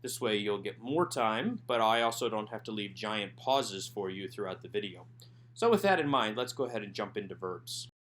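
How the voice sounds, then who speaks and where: A man narrating a recorded language lesson over slides, sounding out words slowly and carefully. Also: lowish voice, a bit bright. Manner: slow, careful enunciation of Hebrew words. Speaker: Hebrew teacher.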